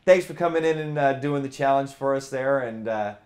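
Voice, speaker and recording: A man's voice: mid-range voice, brisk, darkish tone. A man co-hosting a sim racing show, chatting in an easygoing, enthusiastic way with loose fillers. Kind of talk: casual chat.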